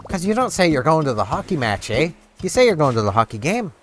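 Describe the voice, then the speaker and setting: A young man from Canada chats casually over a game, wandering from thought to thought with plenty of fillers and restarts. His pitch swings up and down in a lively way, and game music plays clearly behind him. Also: quick pace. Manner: rambling, chatty, with frequent fillers and restarts. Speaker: gaming video host. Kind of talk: casual gameplay commentary.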